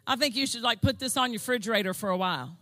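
A woman preaching a fervent sermon, repeating phrases and building to shouted declarations. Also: on the high side, racing, no room sound. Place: church service.

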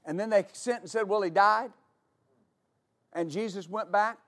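A man preaching a sermon as pastor, explaining at length and building to shouts. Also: sits high, measured pace.

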